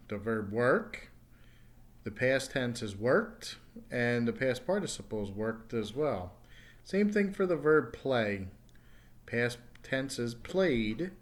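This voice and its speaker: A man teaching a recorded English pronunciation lesson. His voice sits in an ordinary middle pitch. He slows down and spells out each example word with careful enunciation. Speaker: ESL teacher.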